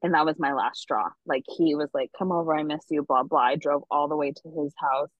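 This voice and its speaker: A low-pitched woman chatting on a podcast, candid and swearing freely, with plenty of "like" and "um". Her sound is dry and a little dull, as if from a modest home setup. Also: a little fast, no echo. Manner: candid, profane storytelling with many fillers. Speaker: podcast co-host. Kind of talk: casual chat.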